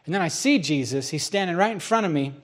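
A middle-aged man preaching a sermon as pastor, telling stories and acting out both sides of a dialogue, then dropping to a hushed voice for solemn moments. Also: a little high, lively intonation, quick pace.

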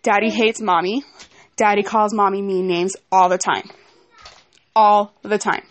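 In a personal vlog, a young woman rambles through a frustrated account of a fight at home, breaking off now and then to talk to her kids. Her medium-pitched voice is flat and a little slow.

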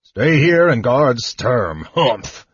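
A man voicing a gruff, irritable old male dwarf warrior. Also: medium pitch, big pitch swings, very slow, no echo, dull audio, heavily acted. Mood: grumbling.

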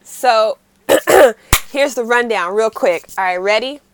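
A woman co-hosting a casual podcast. She recaps a drama in an animated storytelling way and uses "like" constantly. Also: a little high, takes it slowly, noisy background. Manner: animated storyteller, heavy use of 'like'. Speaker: podcast co-host.

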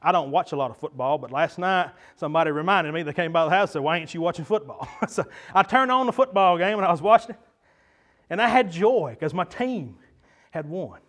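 Male pastor with a high voice, fervent folksy sermon delivery, lots of hesitant fillers. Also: fairly quick, fairly bright tone.

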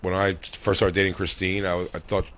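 A man's voice: deep voice, monotone, fairly quick, fairly bright tone, slight background noise. A man in his forties telling a rambling, crude story in casual podcast chat, full of fillers and restarts. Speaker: podcast host.

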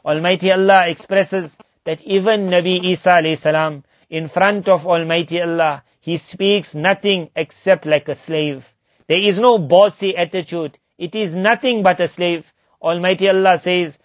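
A man giving a religious lesson, chanting verses rapidly and then explaining them slowly. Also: high voice, no room sound. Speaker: Islamic teacher. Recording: dull lo-fi recording, dry.

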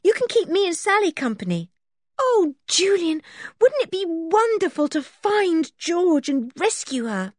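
Kind, gentle young girl, bright and lively, read by a woman. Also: very high-pitched, a little slow, no echo, clean studio sound, voice pushed up, heavily acted. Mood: cheerful. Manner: gentle, consoling.

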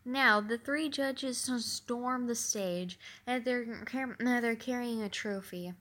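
Woman reading a book aloud, fairly high voice, halting, lots of ums and restarts. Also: a bit bright. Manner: halting, many fillers and restarts. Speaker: reader.

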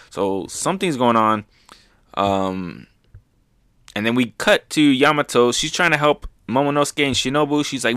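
A man hosting a manga review show, recapping chapters in a loose, excitable way, swearing freely and filling gaps with "um" and "like". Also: medium pitch, normal speed, no echo, studio quality.

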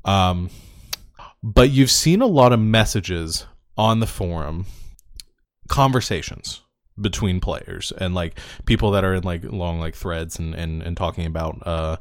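A man's voice: low-pitched, unhurried, dry recording, clean studio sound. A young man narrating as game master, rambling with lots of fillers.

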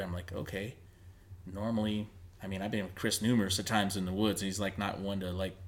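A man's voice: deep voice, fairly even intonation, fast. A man on a paranormal investigation team, casually telling a story about a night in the mountains and acting out what was said. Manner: conversational, many fillers, acts out quoted lines.

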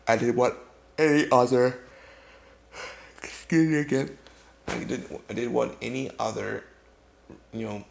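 A man telling a rambling comic story, halting and restarting often, tired and yawning. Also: medium pitch, gravelly. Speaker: comedic storyteller. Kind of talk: improvised comedic monologue. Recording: echoey room with faint noise.

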